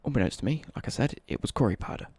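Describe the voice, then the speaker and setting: Gravelly English guy telling a story. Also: mid-range voice, animated, racing, darkish tone, dry recording. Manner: swears freely, rambling with self-corrections. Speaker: livestreamer. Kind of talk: casual storytelling on a livestream.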